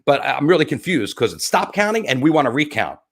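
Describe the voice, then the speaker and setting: A man hosting a live stream, rambling through election numbers with profane jokes and thinking out loud. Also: a little high, sing-song, fairly quick. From New Jersey. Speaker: livestream host. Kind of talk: casual election commentary.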